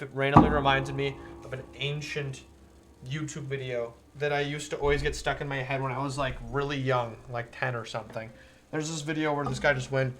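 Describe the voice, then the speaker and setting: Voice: mid-range voice, fairly even intonation, moderate pace, fairly bright tone, slight background noise. A game streamer chatting casually over a live stream, sarcastic, rambling and full of swearing.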